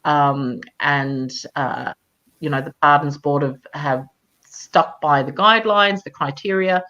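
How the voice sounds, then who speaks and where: Woman guest on a live video call, low voice, dull lo-fi sound, measured and emphatic with many fillers. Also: pushed and bright. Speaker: campaigner. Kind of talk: live chat interview.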